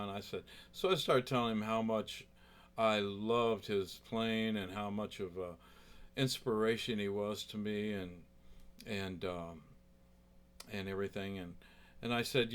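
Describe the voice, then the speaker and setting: A man's voice: on the low side, fairly even intonation, a little slow, clear, resonant tone. A man who plays guitar telling a story in a rambling, chatty way, full of asides. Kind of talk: casual storytelling.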